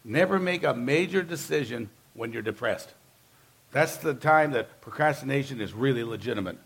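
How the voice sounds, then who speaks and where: A man's voice: mid-range voice, animated, moderate pace, vocal fry, fairly bright tone, husky. A man preaching a sermon as pastor, talking to the congregation in an emphatic, conversational way and driving points home with repeated phrases.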